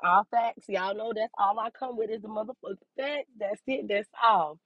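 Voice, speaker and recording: A young woman hosting a casual monologue podcast, blunt, sassy and quick to curse, laughing often. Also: medium pitch, slightly rough, no room sound, muffled recording. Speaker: podcast host giving a life update.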